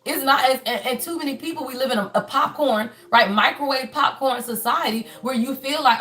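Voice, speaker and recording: A high, pushed and bright voice comes fast and with few pauses from this woman in her fifties, a spiritual reader and life coach reading for her viewers. She hammers her points home in a preachy way, cursing liberally and repeating herself for the audience.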